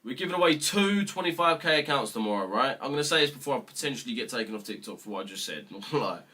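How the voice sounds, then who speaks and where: A young British man with a medium-pitched, expressive voice talks at a racing clip, his tone pushed, bright and slightly rough. Mentoring viewers on a live trading stream, he rants bluntly in a mock-serious way, swearing freely as he chats.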